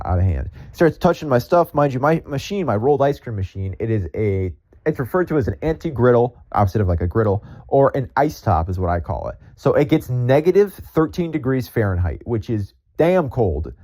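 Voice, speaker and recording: A man's voice: mid-range voice, a little mellow. Rambling man telling a story. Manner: rambling, heavy on filler words, profane. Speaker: podcast host and ice cream vendor. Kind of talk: casual storytelling monologue.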